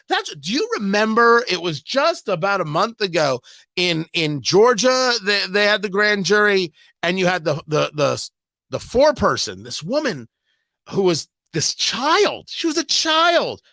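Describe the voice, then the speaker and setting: A man hosting a live radio news show, giving animated commentary full of joking asides. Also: high-pitched, normal speed, no echo. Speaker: radio talk show host.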